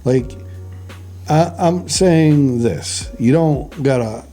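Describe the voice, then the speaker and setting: A man telling stories in a casual podcast chat, animated, swearing easily and repeating words as he goes. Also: mid-range voice, drawn-out words, soft background music.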